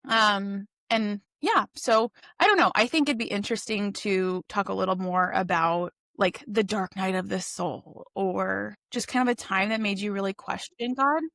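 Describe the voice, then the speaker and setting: Young woman podcast co-host; gravelly, dry sound; reflective, questioning, chatty. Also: mid-range voice, moderate pace, hardly any pauses, fairly bright tone, no echo. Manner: reflective, asks questions, many fillers. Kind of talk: casual conversation.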